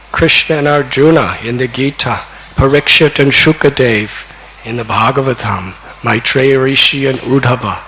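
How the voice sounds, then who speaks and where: An older man in his sixties, a spiritual teacher telling a devotional story in a slow, deliberate way that climbs to excited peaks. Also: on the high side, a little hiss or hum, rough recording. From United States. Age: 60s.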